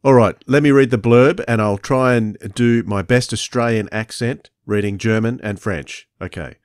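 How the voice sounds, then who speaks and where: A man's voice: mid-range voice, moderate pace, few pauses, a little mellow, clean tone, no echo, studio quality. A man hosting a podcast, agreeable and easygoing. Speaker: host. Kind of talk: casual podcast chat.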